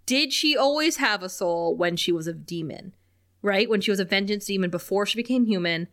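A woman's voice: medium pitch, fairly quick. Chatty woman recapping with laughs. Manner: animated, laughs often, reads quotes in lively voices. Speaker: podcast co-host. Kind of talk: casual chat, recapping a TV episode.

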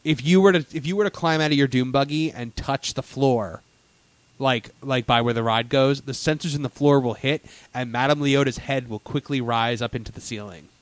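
An excitable man rambles through his theme-park stories, stumbling over restarts and fillers as he goes. His voice sits in a middle range and sounds close and dry, with no room around it. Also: medium pitch, normal speed, no echo. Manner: enthusiastic storyteller, lots of fillers and restarts. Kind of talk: casual theme-park chat.

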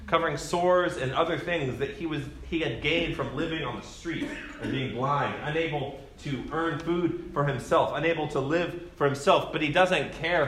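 A man's voice: a little high, a bit bright. Man preaching in an echoey church. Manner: conversational storytelling preacher, acts out quoted voices. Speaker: pastor. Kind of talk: sermon. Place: church sanctuary.

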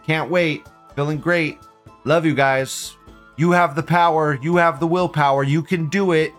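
A man's voice: on the high side, fairly even intonation, unhurried, a bit bright, soft background music. Profane, laughing male livestream host. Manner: profane, rambling, frequent laughter; repeats phrases in bursts. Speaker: host of a live commentary show. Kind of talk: casual livestream commentary.

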